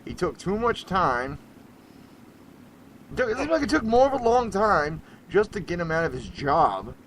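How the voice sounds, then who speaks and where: A man hosting an internet radio show in casual talk, rambling and animated, laughing often and swinging between loud bursts and hushed asides. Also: sits high, moderate pace, slight background noise, rough recording.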